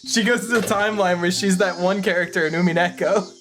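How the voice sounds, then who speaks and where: A man's voice: sits high, fairly even intonation, fast, over music. A man co-hosting a game playthrough, bantering casually with crude, meandering jokes.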